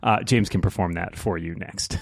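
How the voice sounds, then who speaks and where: Low-ish voiced guy joking around on a podcast, dry sound. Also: normal speed, creaky, dry recording. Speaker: podcast panelist. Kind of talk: casual chat.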